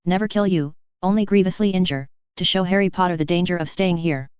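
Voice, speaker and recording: A small, anxious male house elf with a high-pitched voice, as a woman narrator puts him on. He talks in a pleading, distraught way in a storybook reading. The recording is dry and a little dull. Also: brisk, darkish tone, clear, resonant tone, no room sound, close to an everyday voice.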